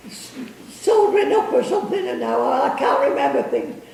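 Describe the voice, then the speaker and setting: Elderly grandma rambling slowly, gravelly, sing-song ups and downs, echoey room far from the mic. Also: female voice, high-pitched, lively intonation, darkish tone, a little hiss or hum. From England. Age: older. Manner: halting, loses her thread, chuckles. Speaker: grandmother telling stories. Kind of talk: casual storytelling.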